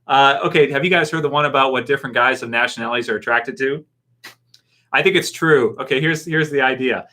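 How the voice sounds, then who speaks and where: A man's voice: mid-range voice, brisk, bright, forceful tone. A Canadian man hosting a casual live stream, rambling and chuckling as he answers viewers' comments. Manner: rambling, chuckling, talks back to chat comments.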